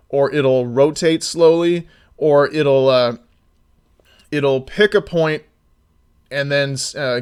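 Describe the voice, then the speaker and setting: A man talking casually on a live stream, rambling with many restarts and sometimes getting loud and exasperated. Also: medium pitch.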